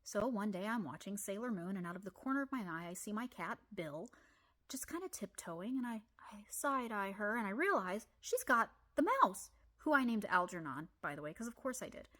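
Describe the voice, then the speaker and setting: A woman with an Ozarks accent telling comic personal stories, animated with deadpan asides. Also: mid-range voice, a little fast. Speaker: storyteller. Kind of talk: comedic personal storytelling.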